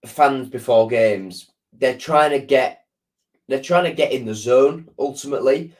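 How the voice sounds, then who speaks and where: A man's voice: medium pitch, a little slow, darkish tone. A man with a sore throat, chatting casually on a live stream and answering viewers, rambling with lots of restarts and ums. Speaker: football fan channel host.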